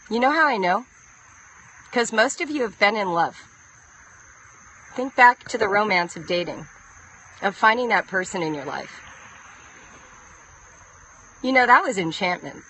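A woman's voice: medium pitch, lively intonation, normal speed, long pauses, bright, forceful tone, husky, rough recording. A woman in her fifties giving an earnest, emotional live-streamed talk to homeschooling parents, repeating her key lines for emphasis. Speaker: homeschool writing coach. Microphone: phone close up.

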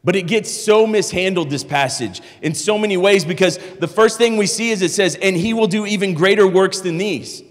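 Man preacher, casual explaining sermon style, fairly high voice, long reverb of a church hall. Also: moderate pace, few pauses. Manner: conversational, explaining scripture with repeated restarts. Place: church sanctuary.

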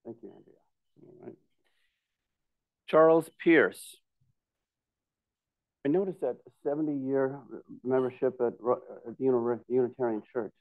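A man reads new members' bios aloud at a club meeting, steady and plain, with a small friendly aside now and then. His voice is smooth and resonant, but it comes through thin and tinny, like a phone line, and very dry. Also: medium pitch, measured pace, long pauses, no room sound.

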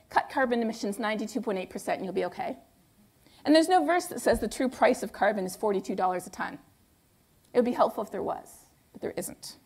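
A woman delivering a public lecture in a fairly high voice. She is conversational and emphatic, and she keeps posing rhetorical questions and then answering them herself. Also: darkish tone. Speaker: guest lecturer.

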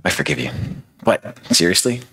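A man doing a calm, forgiving teacher. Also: low-pitched, normal speed, slightly rough, exaggerated voice. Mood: gentle. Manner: relaxed, easygoing, conversational. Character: calm forgiving male teacher, gentle and casual.

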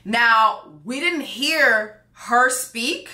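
A woman's voice: on the high side, lively intonation, very slow, pushed and bright, reverberant. A woman hosting a casual reality show review, talking bluntly and profanely with emphatic repetition. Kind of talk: casual commentary.

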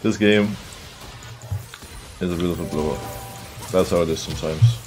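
A man with a very low, deep voice talks his way through a live game, reacting loudly, laughing and chatting with his viewers. Soft music plays behind him. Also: moderate pace. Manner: excitable, laughing, talks to chat. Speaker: streamer playing a game. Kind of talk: casual live game commentary.

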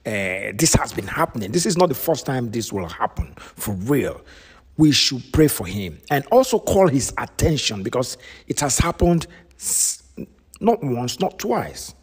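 A man's voice: mid-range voice, big pitch swings, a little slow, slightly rough. A man, commenting earnestly and pleadingly to his viewers. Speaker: video commentator. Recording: reverberant room.

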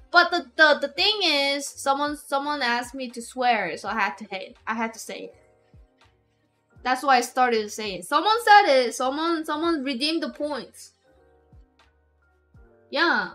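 A woman's voice: sits high, bright, forceful tone. A woman streamer, chatting casually and rambling with many restarts and giggles. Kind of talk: casual live-stream chat.

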